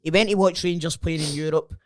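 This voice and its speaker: A man's voice: a little high, steady tone, fast, no room sound, clean studio sound. A Scottish man co-hosting a podcast, going over football results in a matter-of-fact way. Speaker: podcast co-host. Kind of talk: casual football chat.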